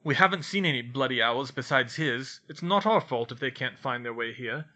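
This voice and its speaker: A burly, blustering middle-aged uncle growls gruffly and with hostility, as a man narrating puts him on. The voice has a forceful edge. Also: medium pitch, expressive, normal speed, muffled recording.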